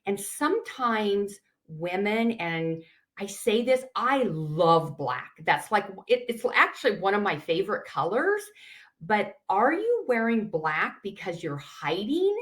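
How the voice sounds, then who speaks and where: A woman's voice: medium pitch, very animated, takes it slowly, a bit bright. A middle-aged woman style coach teaching a class in an earnest, encouraging way, acting out little quoted asides.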